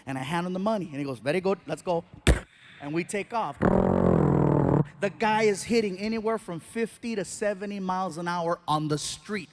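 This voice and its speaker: A man doing stand-up before a live audience, telling an animated story and acting out the scenes. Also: sits high, brisk, heavy background noise. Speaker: stand-up comedian. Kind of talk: stand-up routine.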